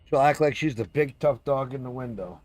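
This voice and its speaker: This live streamer talks fairly quickly in a medium-pitched, darkish voice with no echo. His casual chat wanders through long pet stories peppered with swearing, little meows, and other cat and dog impressions.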